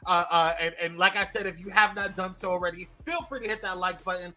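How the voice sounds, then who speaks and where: Guy hosting a live morning show, bright voice, calling out viewer names all excited, little bit of music behind. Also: high voice, quick pace. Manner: lively, greets viewers by name one after another.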